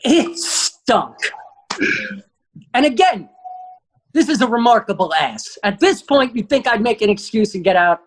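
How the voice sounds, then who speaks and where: A man with a high voice that jumps all over the place tells a comic story. He's punchy and profane, and his delivery swings hard as he builds each beat. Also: very animated, unhurried, pauses often. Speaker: comedian guest.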